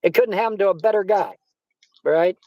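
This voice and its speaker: Rozgadany mężczyzna o wysokim głosie, suche nagranie. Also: male voice, high voice, normal speed, dark tone, dry recording, highs cut off. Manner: rambling, repeats himself, swears often. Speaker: livestream host. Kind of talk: casual chat. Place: Arizona.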